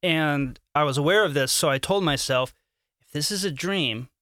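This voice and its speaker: Casting: man, bright and crisp voice, slightly higher pitch, enthusiastic rambling storyteller, casual podcast. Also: normal speed, dry recording, clean studio sound. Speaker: podcast co-host.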